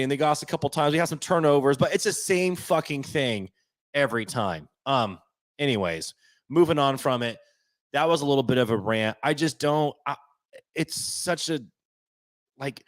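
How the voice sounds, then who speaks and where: A man co-hosting a sports podcast, ranting bluntly and casually with lots of swearing and rambling asides. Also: mid-range voice. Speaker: podcast co-host.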